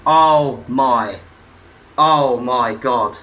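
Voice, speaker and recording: A young man hosting a casual reaction video at home, swearing a lot with sudden loud outbursts. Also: mid-range voice, animated, slow pace, rough recording. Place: room at home, wearing a hat.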